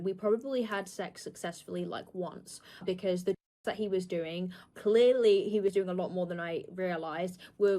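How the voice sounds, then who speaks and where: A young woman, a streamer telling a candid story in casual chat, swearing and acting out what people said. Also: mid-range voice.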